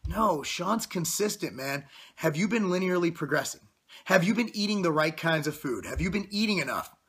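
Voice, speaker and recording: A man's voice: fairly high pitch, lively intonation, normal speed, a bit bright, husky. A man in his thirties, a bodybuilder giving a blunt, profane motivational rant to camera. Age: 30s. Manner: blunt, profane, intense pep talk. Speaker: fitness vlogger, bodybuilder.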